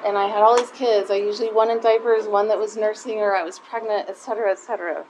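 A woman's voice: medium pitch, steady tone, quick pace, noisy background. A middle-aged woman giving a heartfelt, conversational personal talk to a live group of mothers, close to tears at times.

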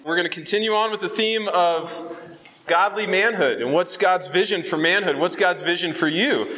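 A male youth preacher from Southern California, speaking at a conference, delivers a youth sermon in a high, bright voice at normal speed. He's easygoing and chatty, using fillers and checking in with the audience, a bit winded from the altitude. The recording quality is low.

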